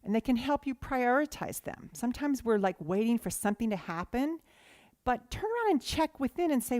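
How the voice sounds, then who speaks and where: Animated woman giving a sermon. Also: a little high, brisk, no echo, studio quality. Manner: animated storytelling. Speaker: guest speaker.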